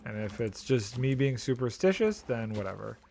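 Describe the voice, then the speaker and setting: A man with a rough, gravelly voice talks into a desk microphone, thinking aloud as he streams a game. He sounds mildly exasperated and slips in dry jokes, at an ordinary, mid-range pitch, with a faint hiss underneath. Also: very animated, normal speed, darkish tone. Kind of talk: casual gameplay commentary.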